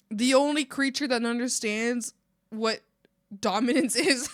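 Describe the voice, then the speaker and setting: A woman streamer chatting casually to her viewers, excitable and rambling, laughing often. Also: a little high, measured pace. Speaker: art streamer. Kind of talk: casual live-stream chat.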